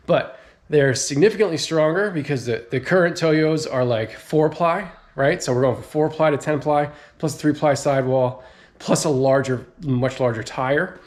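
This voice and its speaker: A young man in a casual garage vlog, talking with laid-back slang and excitement while he works on his car. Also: fairly high pitch, normal speed. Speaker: car modding vlogger.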